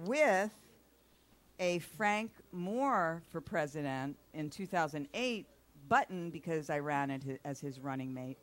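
Lowish middle-aged woman host, chatty, rambles and repeats, studio mic. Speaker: talk show host. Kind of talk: casual chat show hosting. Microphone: studio mic with headphones.

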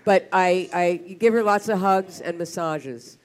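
A woman's voice: fairly low pitch, unhurried. A woman hosting a radio talk show as a sex therapist, bubbly and joking with callers and co-hosts.

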